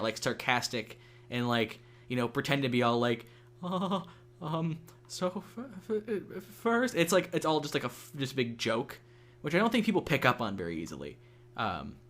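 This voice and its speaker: A man's voice: medium pitch, fairly bright tone. A young man hosting a gaming channel, chatting casually and rambling with lots of fillers and swearing while he plays. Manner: rambling, many fillers and restarts, swears freely. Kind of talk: casual gameplay chat.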